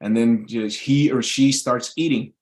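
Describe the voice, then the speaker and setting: Talking off the cuff to his live viewers, a YouTube streamer delivers a casual, rambling monologue in a medium-pitched, darkish voice at an unhurried pace. He swears freely and keeps circling back, full of uhs and false starts, all picked up on a live stream mic.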